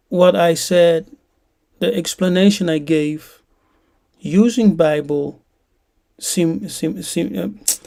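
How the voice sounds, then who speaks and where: A woman's voice: on the low side, gravelly, warm tone. A woman preaching in an emphatic teaching style, often asking listeners questions. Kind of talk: sermon-like teaching.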